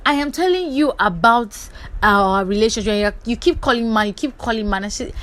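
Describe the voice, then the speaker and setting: A young Nigerian woman with a Nigerian English accent, recapping reality-show gossip for her vlog in a lively, chatty way. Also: fairly high pitch, fairly quick. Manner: lively, acts out the quotes, chatty asides. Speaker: gossip vlogger.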